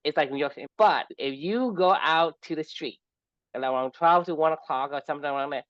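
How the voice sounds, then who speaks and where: A man from Vietnam talks in a halting, reflective way, breaking off and restarting his sentences. His pitch is middling. The recording is dry but a little dull and lo-fi. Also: no echo. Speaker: podcast co-host. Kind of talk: casual chat.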